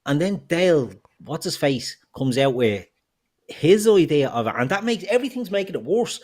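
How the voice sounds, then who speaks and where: A man's voice: a little high, very animated, moderate pace, a little mellow. A man co-hosting a football podcast, ranting heatedly and swearing freely. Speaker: podcast co-host.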